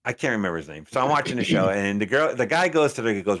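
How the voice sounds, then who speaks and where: A man co-hosting a podcast in casual chat, retelling a show and acting out the quotes in other voices. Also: very fast. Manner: animated retelling, acts out quotes with swings in pitch. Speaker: podcast co-host.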